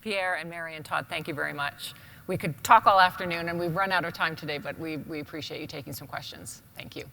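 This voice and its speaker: A woman's voice: low-pitched, steady tone, fast talker, vocal fry, bright, forceful tone. A woman hosting a conference, closing a panel and introducing the next speaker with polite, gracious transitions. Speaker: event host. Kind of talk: emceeing an event. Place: large conference hall. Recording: reverberant hall PA sound.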